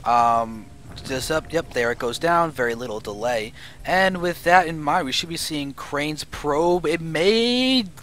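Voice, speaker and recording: A man's voice: fairly high pitch, unhurried, few pauses. Analytical male esports commentator. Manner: analytical, rising excitement at big plays. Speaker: esports caster. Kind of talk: play-by-play game commentary.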